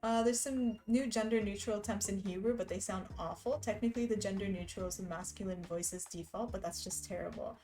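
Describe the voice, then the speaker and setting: A woman's voice: medium pitch, brisk, few pauses, mellow, low-quality recording. A woman live streamer in casual, rambling chat who laughs often.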